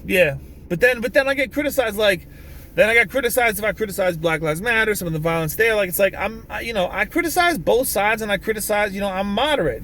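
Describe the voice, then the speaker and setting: Rambling, cursing man with a high voice. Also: a bit bright, slight background noise. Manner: rambling, restarts often, swears, emphatic bursts. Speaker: vlogger. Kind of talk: casual political rant to camera. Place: in a vehicle.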